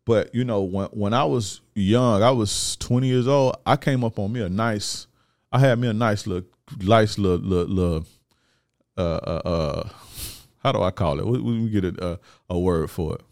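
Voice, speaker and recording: A man's voice: fairly low pitch, moderate pace, vocal fry, darkish tone, no echo, clean studio sound. A man, hosting a show and ranting bluntly in profane street slang. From Florida, USA. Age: 30s. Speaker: host giving life advice to men. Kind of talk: casual ranting monologue.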